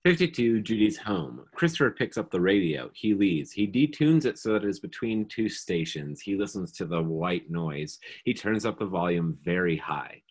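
Casting: low, plain voice reading stage directions. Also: very animated, moderate pace, hardly any pauses, darkish tone, slightly rough.

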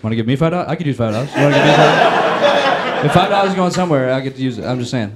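A man performing a stand-up comedy set on a club stage, animated and bursting into loud shouting bits. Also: mid-range voice, racing. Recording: live club recording with loud crowd noise. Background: loud audience laughter.

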